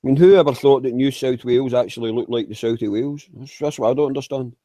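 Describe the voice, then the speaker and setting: Man on a group video call, mellow and dry-sounding, sweary banter. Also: mid-range voice, quick pace, dry recording. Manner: crude, sweary, chuckling. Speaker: call participant.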